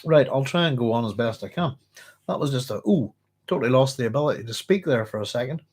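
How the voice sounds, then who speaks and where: A hoarse man hosting a book club, chatting casually and reading passages aloud with rambling self-corrections. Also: medium pitch, expressive, fast, a little mellow. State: hoarse, clearing his throat.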